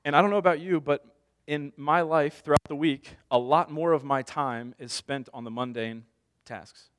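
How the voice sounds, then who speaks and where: A man's voice: fairly high pitch, fairly even intonation, normal speed. A man in his thirties preaching a sermon as a pastor, conversational, telling stories with self-deprecating humor.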